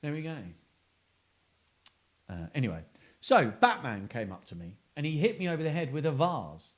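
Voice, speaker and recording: A man's voice: on the high side, big pitch swings, normal speed. A man hosting a children's story and joke show, talking in a playful, self-mocking way. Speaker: host.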